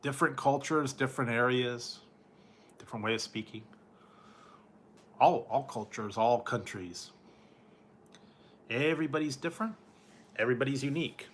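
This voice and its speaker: A food vlogger chats casually with his live-stream viewers in a mid-range voice, a bit bright, at normal speed with frequent pauses, and there's a little hiss or hum. He's laid-back, chuckles often, and slips into playful surfer-dude impressions for laughs.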